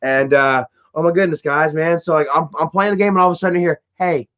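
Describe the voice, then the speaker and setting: A man's voice: fairly high pitch, fast, fairly bright tone, dull audio. A man telling a story to his live stream chat in a casual, rambling way, full of fillers, restarts and swearing.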